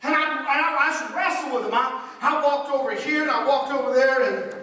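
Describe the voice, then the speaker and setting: A man's voice: very high voice, a little fast, sharp tone. A man preaching a sermon as pastor, emphatic and repetitive in his phrasing. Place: church sanctuary. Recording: echoey hall from far off.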